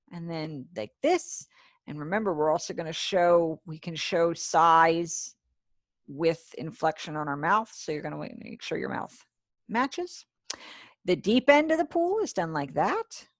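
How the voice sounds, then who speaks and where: A woman with a lowish voice teaches American Sign Language over a video call, recorded in clean studio sound with no echo. Friendly and upbeat, she praises her students as she goes and drops chatty remarks to herself.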